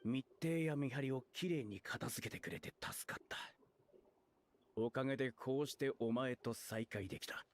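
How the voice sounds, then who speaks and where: An actor playing a quiet, guarded young fighter in a video game, speaking low and tersely, half in a whisper. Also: male voice, fast talker, close to an everyday voice. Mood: cold.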